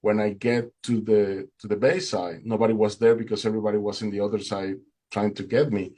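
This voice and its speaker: A man's voice: lowish voice, level tone, a little fast, mellow, husky. A man telling a personal faith testimony, recounting events with emotion and acting out the dialogue. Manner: emotional storytelling, acts out dialogue. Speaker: speaker giving testimony.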